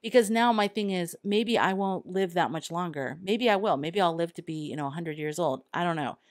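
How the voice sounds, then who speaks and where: A woman's voice: on the low side, animated, fairly quick, dry recording, studio quality. A woman hosting her own podcast, talking earnestly and candidly, sometimes acting out quoted thoughts. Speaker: podcast host. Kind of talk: solo podcast monologue.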